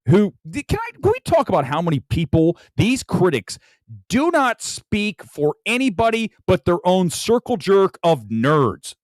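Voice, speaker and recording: A man's voice: a little high, no echo. A man hosting a live late-night movie talk show from home, ranting furiously and emphatically. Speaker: film critic host.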